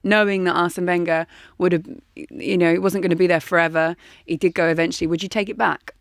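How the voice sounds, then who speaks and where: A woman's voice: lowish voice, fairly even intonation, quick pace, no echo, studio quality. A woman hosting a podcast interview, asking teasing, playful questions. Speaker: podcast host. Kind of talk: casual interview chat.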